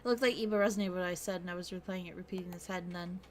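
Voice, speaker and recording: A woman's voice: fairly low pitch, fairly even intonation, rapid-fire, slight background noise. Chatty swearing woman streamer. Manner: chatty, swears freely, laughs, bursts into exaggerated rants. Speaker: streamer playing a visual novel. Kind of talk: casual livestream chat and reading game text aloud.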